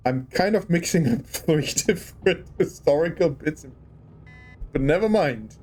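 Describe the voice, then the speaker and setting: A game streamer chats casually on a livestream while playing, his voice fairly high, animated, a little slow, and darkish in tone. He muses and rambles as he experiments with rolling his R's.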